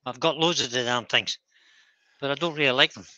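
A man's voice: medium pitch, a little fast, sharp tone, no room sound, poor audio. A Scottish man hosting a live stream while he works, chatting casually, thinking aloud and picking at his own work. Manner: thinks aloud, self-critical and easygoing. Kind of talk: casual chat while working.

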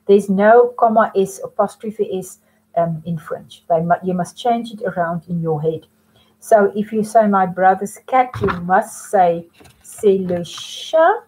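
A woman's voice: medium pitch, warm tone, slightly rough, poor audio. A woman teaching French to students in a remote lesson, patiently explaining step by step and mixing in French phrases.

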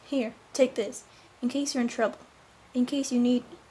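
A young woman voicing a teenage boy hero from a cartoon, loud and pleading with a friend. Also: on the high side, fairly even intonation, moderate pace, slight background noise, lightly acted. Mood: earnest.

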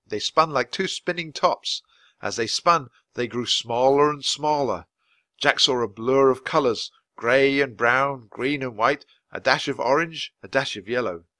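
A man reading a children's storybook aloud at a natural, steady pace for learners. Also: mid-range voice, no room sound. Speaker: reader.

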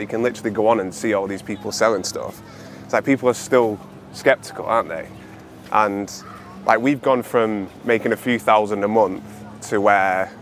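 Young man vlogging over loud street noise. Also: on the low side. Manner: excited, chatty, peppered with "like". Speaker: vlogger and online seller. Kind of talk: casual travel vlog talk to camera. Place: on a street and in a factory.

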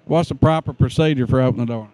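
A man's voice: medium pitch, rapid-fire, warm tone. A man greeting students at a school entrance outdoors, folksy and joking as he gives friendly instructions. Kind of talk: casual on-camera greeting.

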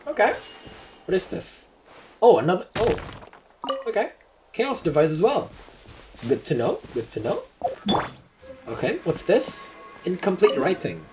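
Excitable, cursing gamer with a lively voice. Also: medium pitch, unhurried, long pauses. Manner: excitable, swears freely, reacts loudly to the game. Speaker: gamer playing through a game. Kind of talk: casual gameplay commentary. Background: game music.

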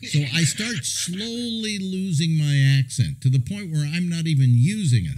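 A man's voice: on the high side, sing-song, moderate pace, hardly any pauses, darkish tone, rough recording. An older man from California telling rambling radio anecdotes, chuckling and restarting as he goes. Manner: chuckling, meandering storyteller with many restarts. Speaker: radio host.

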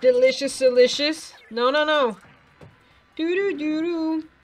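A woman with a high-pitched voice plays a video game for a let's play, commenting casually at an unhurried pace with faint music behind her. She chats to the characters and makes playful sound effects.

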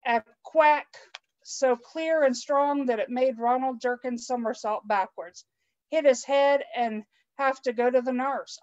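Lively woman reading a picture book. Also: a little high. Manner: expressive read-aloud with chatty asides to listeners. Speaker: guest storytime reader. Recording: dull lo-fi online stream audio.

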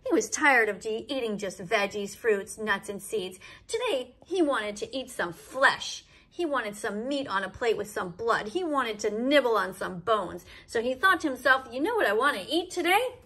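A woman's voice: a little high, expressive, a little slow, hardly any pauses, pushed and bright. A woman narrating a story in an emphatic, sing-song storybook style.

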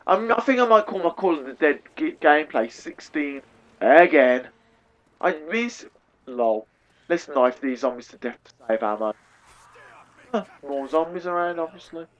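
A man's voice: a little high, expressive, moderate pace, muffled recording. A young man with an English accent giving chatty, self-deprecating live commentary over a headset mic while he plays a shooter. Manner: chatty, self-deprecating, talks to viewers as "guys". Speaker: gaming YouTuber.

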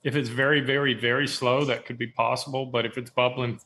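A man appearing as a guest on a podcast, giving relaxed, matter-of-fact answers. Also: medium pitch, fairly quick, slight background noise. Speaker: guest brewer. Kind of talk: casual podcast chat.

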